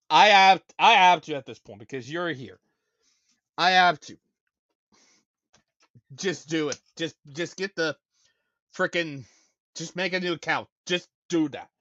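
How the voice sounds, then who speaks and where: A man's voice: on the high side, sharp tone, no room sound, dull audio. A man hosting a casual live-stream talk show, ranting and stammering as he repeats himself over and over. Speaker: show host.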